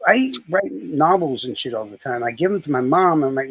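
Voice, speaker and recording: Male streamer, casual chat; rough, husky voice, rambling delivery. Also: on the high side, lively intonation, brisk, no echo, rough recording. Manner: rambling, profane storytelling.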